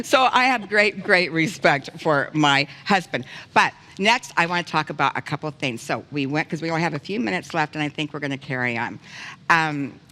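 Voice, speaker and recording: A woman hosting a talk show, telling a personal story in an animated, laughing way. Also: deep voice, big-room sound.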